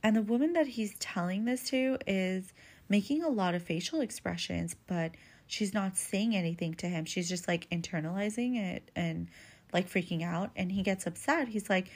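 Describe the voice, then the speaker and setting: A woman's voice: mid-range voice, normal speed. A woman hosting a podcast, giving relationship advice in a candid, casual monologue that is full of swearing and "like" fillers. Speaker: podcast host.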